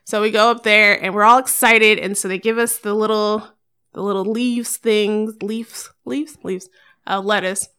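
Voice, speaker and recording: A woman's voice: medium pitch, fairly even intonation, a little slow, sharp tone, clean tone. A young adult woman, a podcast guest, chatting casually and telling stories animatedly, acting out what people said. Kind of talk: casual chat.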